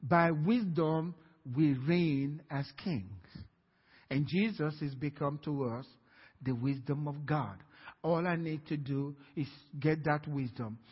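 A man preaching a sermon in a church, telling a personal story and swinging from quiet to loud. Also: fairly high pitch, slightly rough. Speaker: guest preacher. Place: church sanctuary. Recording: dull, reverberant church hall.

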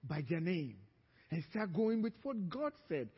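A high-pitched man preaching slowly, his voice swinging from loud, urgent calls down to hushed, low lines. He sounds like he is in a church hall, with a long echo hanging after each phrase. The recording is dull and lo-fi. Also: big pitch swings, slightly rough. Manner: preaching that surges to loud emphatic calls, then drops low and quiet. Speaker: pastor. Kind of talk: sermon.

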